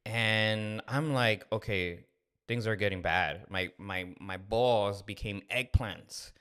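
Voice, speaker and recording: Candid storytelling man with a bright voice. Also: fairly low pitch, slow pace, clear, resonant tone. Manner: candid, animated, acts out dialogue. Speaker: podcast co-host. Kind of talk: casual storytelling.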